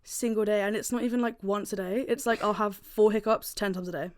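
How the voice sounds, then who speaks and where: A woman co-hosting a casual movie review podcast, animated and jokey, often laughing. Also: mid-range voice, quick pace. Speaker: podcast co-host.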